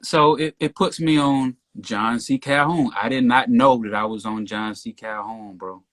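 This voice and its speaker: A man telling a story as a podcast guest in casual talk, getting loud and worked up as he retells it. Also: medium pitch, measured pace. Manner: animated, rising to near shouting when retelling the stop.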